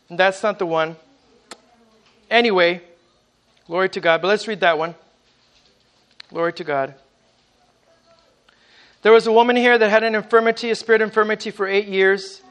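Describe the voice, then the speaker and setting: A fervent male preacher with a notably high voice, telling testimony and calling out praise to God between sentences. He often stumbles over the first words of a phrase as he pushes on. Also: fairly bright tone, smooth. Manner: repeats words at the start of phrases. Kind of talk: sermon with personal testimony. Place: church service with congregation.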